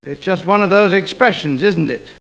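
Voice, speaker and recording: A man voicing a pompous, self-pitying suburban gent who is quick to get indignant, in an AI-voiced comedy sketch. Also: sits high, vocal fry, a bit bright, muffled recording.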